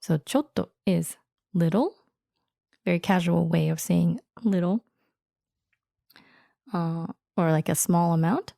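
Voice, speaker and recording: Gravelly-voiced woman teacher who giggles often. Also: lowish voice, unhurried, pauses often, warm tone, no room sound, studio quality. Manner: giggly, explains words patiently. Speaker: language teacher. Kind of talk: casual language-lesson chat.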